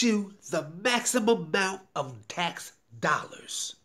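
A man giving an emotional, repetitive sales pitch straight to the viewer, pleading and getting heated. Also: big pitch swings, unhurried. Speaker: YouTuber promoting a tax service. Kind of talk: direct-to-camera sales pitch.

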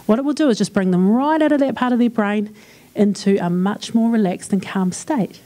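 She has a New Zealand accent and talks a little fast in a warm, medium-pitched voice. As a conference speaker at a church event, she gives a humorous, chatty talk with little acted dialogues.

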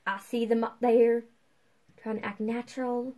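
A young adult woman chatting casually while playing a game, excitable and quick to poke fun at herself. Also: fairly high pitch, low-quality recording. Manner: chatty, excitable, self-mocking. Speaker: gamer. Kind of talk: casual gameplay chat.

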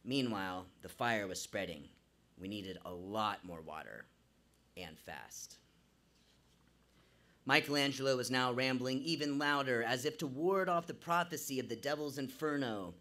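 Bright-voiced man telling a story onstage. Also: mid-range voice, expressive, measured pace. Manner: vivid, theatrical narration. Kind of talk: live storytelling. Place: small live venue stage.

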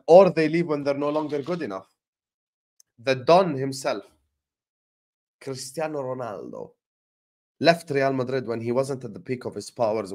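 A young man hosting a casual football live stream, slangy and animated as he shouts out viewers. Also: medium pitch. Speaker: host.

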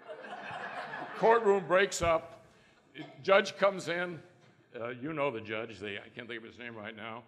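A man's voice: medium pitch, expressive, unhurried, pauses often, fairly bright tone. Folksy older man telling stories in a hall. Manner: folksy storyteller who acts out quotes. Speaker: trial lawyer on a panel. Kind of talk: anecdotal panel talk. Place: conference hall. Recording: long reverb in a conference hall.

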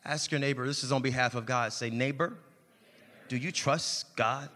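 A man's voice: medium pitch, normal speed, sharp tone. A man preaching a sermon as pastor, calling on the congregation to answer and building in intensity. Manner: preaching with call-and-response and rising intensity. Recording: long church reverb.

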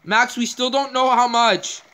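A woman's voice: fairly high pitch, steady tone, unhurried, fairly bright tone. A woman hosting a gameplay video, thinking aloud in casual, rambling commentary as she plays.

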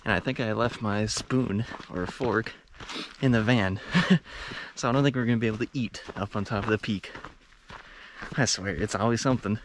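A man's voice: fairly low pitch, normal speed, slight background noise. A man in a casual vlog, rambling and self-deprecating as he tidies his van and talks to viewers through a camera mic. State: out of breath on the climb. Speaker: van life vlogger. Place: in and around a van, then on a wooded hiking trail outdoors.

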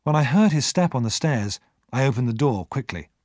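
Expressive male audiobook narrator. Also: medium pitch, a little fast, dry recording, studio quality. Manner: expressive storytelling. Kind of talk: scripted narration.

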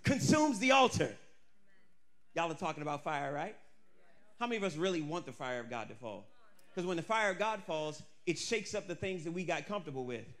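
A male pastor preaching an energetic, humorous storytelling sermon who often bursts into shouting. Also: on the high side, fast talker.

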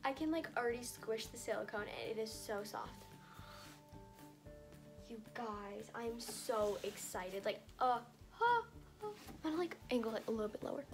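Woman, higher voice, gushing, excitable, filler-heavy, unboxing vlog, tripod camera, music behind. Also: moderate pace, long pauses. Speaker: doll collector vlogger. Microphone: camera on a tall tripod. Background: background music.

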